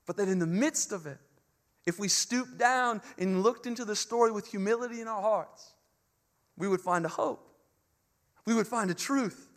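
A man preaching an Easter sermon, earnest and impassioned, with emphatic repetition and swings between hushed phrases and loud climaxes. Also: extremely high pitch.

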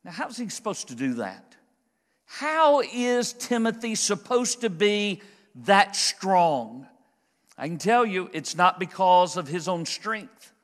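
A man preaching a conversational, emphatic expository sermon as pastor, slowing down to stress key phrases. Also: sits high, big pitch swings, long reverb tail. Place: church sanctuary.

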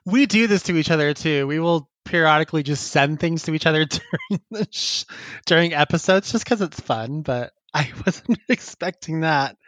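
A man's voice: fairly high pitch, lively intonation, moderate pace, fairly bright tone, no room sound. Man, podcast co-host, casual chat, reads listener emails, giggly and rambling, dry sound. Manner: laughs often, rambling and self-interrupting.

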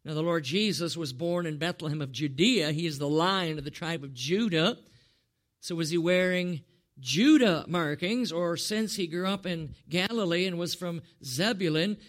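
A man preaching a sermon, animated, firing rhetorical questions at the congregation and calling on listeners by name. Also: fairly high pitch, normal speed.

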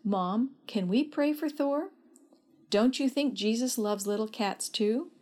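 A woman's voice: fairly high pitch, slow pace, a little mellow. A woman voicing a tearful twelve-year-old girl in a storybook reading, pleading through sobs. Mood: hopeful. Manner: sobbing, pleading.

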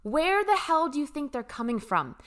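Bright, gushing young woman. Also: sits high, big pitch swings, moderate pace. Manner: gushing, emphatic, swears casually, laughs often. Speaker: spiritual vlogger. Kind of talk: casual spiritual storytelling.

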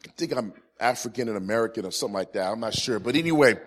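A man in his forties in ministry, telling a humorous personal testimony to a live audience. He swings from loud, punchy comic lines to quiet, earnest points. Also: fairly low pitch, lively intonation, rapid-fire. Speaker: Christian ministry speaker.

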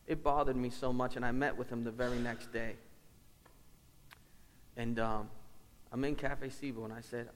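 A man preaching a sermon in a church, earnest and personal, often repeating his key lines for weight. His voice sits at an ordinary middle pitch and carries a long reverb from the sanctuary. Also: expressive, normal speed, pauses often, a little hiss or hum. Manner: earnest, storytelling with repeated phrases. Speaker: lead pastor.

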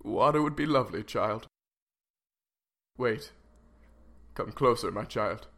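A man's voice: on the low side, expressive, takes it slowly, a bit bright, full character voice. A man voicing a pompous, melodramatic rich father in a comedy sketch.

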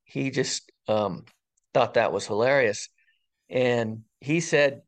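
An older man in his sixties recounts a personal experience during an interview, speaking at a middle pitch. He talks haltingly, pausing often and filling gaps with ums. His tone is earnest and full of wonder. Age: 60s. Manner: halting, with frequent ums and pauses. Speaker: interview guest, retired fire captain. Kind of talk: personal storytelling in conversation.

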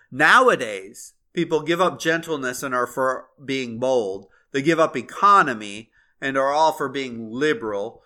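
A man's voice: mid-range voice, sharp tone. A man hosting a podcast, reading passages aloud and then reflecting on them in an earnest, conversational way. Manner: earnest, conversational, with fillers and restarts. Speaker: podcast host.

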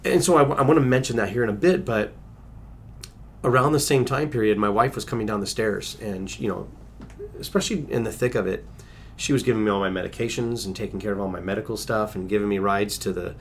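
A man's voice: lowish voice, fast, a little hiss or hum. A middle-aged man recounting a personal story as an interview guest, earnest, with restarts and acted-out quotes.

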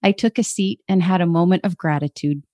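A young adult woman hosting a podcast, cheerful and quick to laugh. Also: fairly low pitch, warm tone, dry recording. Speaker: podcast host. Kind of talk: upbeat podcast chat.

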